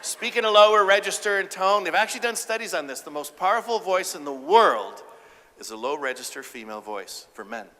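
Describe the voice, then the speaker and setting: A man giving an animated, humorous keynote speech about relationships on a conference stage. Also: high-pitched, fairly quick. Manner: animated, acts out voices, audience banter. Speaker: keynote speaker and relationship counselor. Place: conference stage before a live audience. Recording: echoey conference hall.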